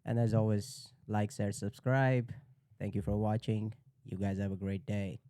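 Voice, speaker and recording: A man's voice: on the low side, flat delivery, unhurried, mellow, dry recording. A man hosting a casual podcast chat, joking and laid-back, often calling people "bro". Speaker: podcast host.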